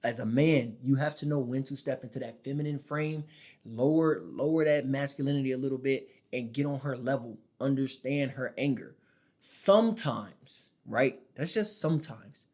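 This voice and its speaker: Man in his own voice, casual advice-vlog monologue, emphatic street slang, middle pitch, not a deep voice. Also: normal speed, darkish tone. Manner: emphatic, slangy, keeps checking in with "all right?" and "my dog". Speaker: dating advice creator. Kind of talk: casual direct-to-camera monologue.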